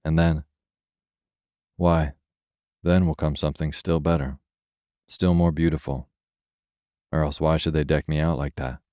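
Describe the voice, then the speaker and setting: A restless young fir tree, voiced by a man, longs to leave the forest in a bedtime storybook. It asks eager, yearning questions in a very deep voice. The tone stays dark and mellow, and the recording is dry. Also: steady tone, unhurried, long pauses, no room sound.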